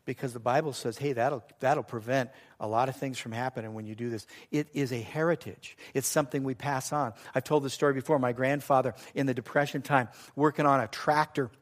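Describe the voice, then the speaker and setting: A man's voice: medium pitch, fairly even intonation, brisk, few pauses. A man in his sixties preaching a sermon, asking the congregation rhetorical questions and acting out voices of doubters. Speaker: pastor.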